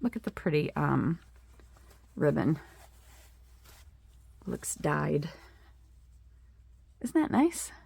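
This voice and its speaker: Slow-talking chatty woman crafter. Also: low-pitched, sing-song, creaky, darkish tone, slightly rough, dry recording. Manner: chatty, many fillers, admiring asides. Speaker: craft vlogger. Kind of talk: casual show-and-tell.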